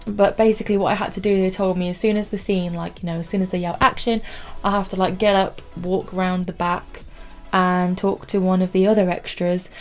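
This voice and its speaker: A woman's voice: fairly low pitch, little pitch movement, brisk, faint music behind. A young woman chatting to camera in a rambling storytelling way, saying "like" often. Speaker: vlogger.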